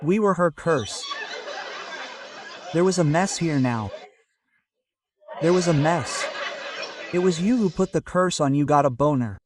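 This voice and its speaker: A man doing a stand-up routine, telling a story and bantering with the crowd in a loud, animated way. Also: fairly high pitch, measured pace, long pauses, distant mic. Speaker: stand-up comedian. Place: comedy stage before a live audience.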